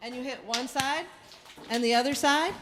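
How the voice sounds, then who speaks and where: Very high-voiced woman leading a kids' song. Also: normal speed, crowd noise. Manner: leads an audience, line by line. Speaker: children's folk performer. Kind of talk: call-and-response folk singing for kids. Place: café concert stage, live.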